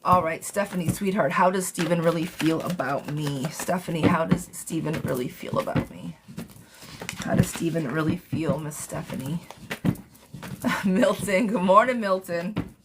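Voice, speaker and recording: Woman tarot reader on a live stream, lowish voice, chatty and affectionate, with a noisy, clicky recording. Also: normal speed. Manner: chatty, affectionate, calls viewers darling and sweetheart.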